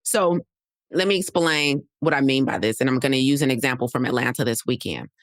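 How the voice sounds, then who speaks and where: A woman's voice: rumbling low, brisk, no room sound, studio quality. A woman podcast host, coaching listeners in a conversational way and often checking in with "right?". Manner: conversational, repeats key points, often asks "right?". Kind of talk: solo podcast teaching.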